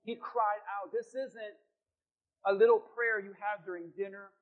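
A middle-aged man preaching a sermon as pastor, dramatic, at times shouting as he acts out prayers. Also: high-pitched, fairly even intonation, unhurried, phone-quality sound.

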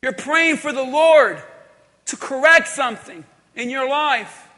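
A man preaching a sermon as pastor, emphatic and repetitive, swinging from loud declarations to quiet intensity, in a large church hall. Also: very high-pitched, unhurried. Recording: long hall reverb.

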